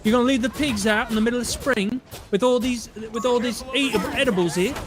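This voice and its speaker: A man doing a mocking impression of a gruff young farmer with a British accent, who scolds loudly. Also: very high voice, brisk, pitched above the performer's own voice. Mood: scolding.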